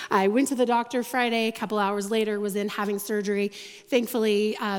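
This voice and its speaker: Chatty woman preaching in a big hall. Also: fairly high pitch. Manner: chatty, self-deprecating storytelling with quick asides. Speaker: church staff speaker giving the message. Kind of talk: sermon. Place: large church auditorium.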